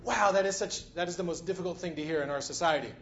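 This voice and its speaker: A man's voice: fairly high pitch, fast talker, fairly bright tone, muffled recording. A man preaching a sermon in a conversational way, often checking in with the congregation. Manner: conversational, frequent "right?" and "you know".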